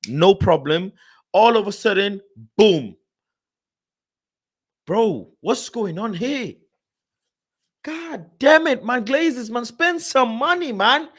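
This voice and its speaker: A man's voice: high-pitched, a bit bright. A young man ranting in a casual live stream about football, frustrated and swearing. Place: home room.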